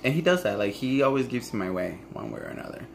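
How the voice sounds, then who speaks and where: A man's voice: mid-range voice, sing-song, quick pace, creaky, background noise. A man talking candidly to camera in a raw, profane, emotional monologue about a past relationship. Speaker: vlogger.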